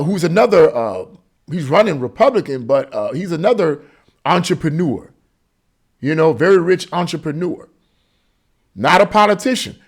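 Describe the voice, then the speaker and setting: A man's voice: high voice, creaky. A man giving an emphatic, repetitive opinion monologue as a political commentator.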